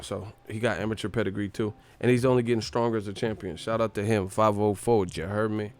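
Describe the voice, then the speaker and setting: Faint music plays behind a man with a lowish voice talking fast on his boxing show. He riffs through casual sports commentary in slang, animated, swearing freely and laughing a lot.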